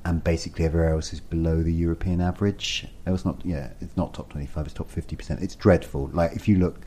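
A man, co-hosting a podcast in easygoing, animated conversation. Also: low voice, fast talker, slight background noise. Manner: chatty, animated, self-deprecating. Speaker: podcast co-host. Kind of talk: casual conversational chat.

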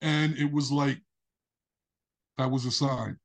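A man's voice: medium pitch, takes it slowly, gravelly. A man guest on a podcast, telling a story with energy and acting out the voices of the people in it. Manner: animated, acts out voices in his story. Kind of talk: casual storytelling interview.

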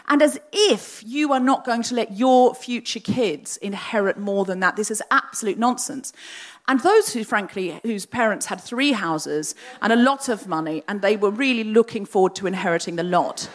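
A middle-aged woman, a podcast host, tells a comic personal story on stage before a live audience, lively and acting out the people in it. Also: on the high side, measured pace. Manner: lively, animated, acts out the other voices in her story.

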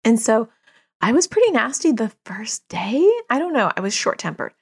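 A woman's voice: a little high, sing-song, moderate pace, slightly rough. A middle-aged woman, a therapist hosting a parenting podcast, talking in a chatty, self-disclosing way with frequent fillers. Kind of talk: casual advice monologue.

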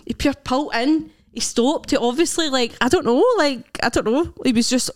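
A young Scottish woman co-hosts a podcast in relaxed chat. Her voice sits a little high, and she tells her stories with animated energy, laughing often as she goes. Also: moderate pace. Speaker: podcast co-host. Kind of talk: casual chat.

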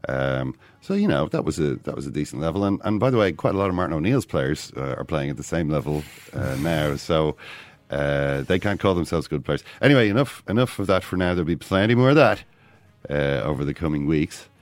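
A man with an Irish accent co-hosting a casual sports podcast, lively and often quoting others. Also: a bass voice, fairly quick, dry recording. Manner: animated, quotes others in put-on voices. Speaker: podcast co-host.

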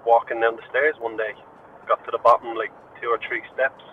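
A man's voice: mid-range voice, flat delivery, fairly quick, far from the mic. Man on a tinny, noisy voice note. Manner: laid-back, wry storytelling. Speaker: caller via voice note. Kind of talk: casual anecdote.

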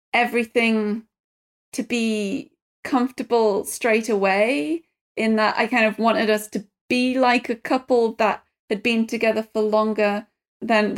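English woman guest, fairly high, halting casual storytelling. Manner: hesitant, fillers and restarts. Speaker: interview guest.

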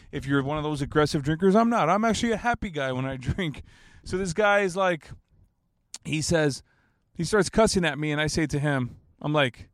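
A man's voice: high voice, no echo, studio quality. A man in his thirties telling a story in a casual, rambling way, swearing freely and laughing at his own jokes. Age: 30s. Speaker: basketball fan telling a story.

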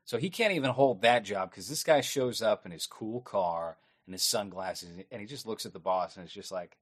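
A man's voice: on the low side, lively intonation, normal speed, breathy edge. A man chatting casually on a podcast, recapping a movie's plot in a rambling, wry way with frequent swearing. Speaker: podcast co-host. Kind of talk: casual chat recapping a film.

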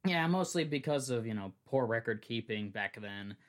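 Lively young man telling a story. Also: mid-range voice, normal speed. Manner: chatty, restarts often, laughs along. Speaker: podcast host. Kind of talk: casual podcast storytelling.

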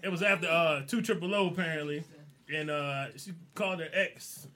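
A man's voice: on the high side, moderate pace, pushed and bright. A man co-hosting a podcast, giving a laid-back, slangy rundown in casual chat. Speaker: podcast co-host.

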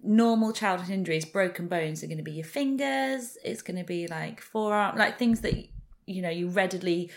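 A woman's voice: on the low side, moderate pace. A woman co-hosting a podcast, chatting casually and explaining her points with lots of "like" fillers. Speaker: podcast co-host. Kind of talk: casual chat.

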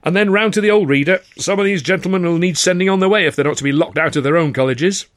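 A hearty, self-satisfied old college porter, brimming with pride for his son, as a male narrator puts him on. The voice rides noticeably higher than the reader's own. It sounds dry and close, storybook-style. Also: quick pace, no echo, lightly acted. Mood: jovial. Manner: boastful, hearty, warmly proud. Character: proud jovial older male college porter, father. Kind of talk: audiobook character voice.

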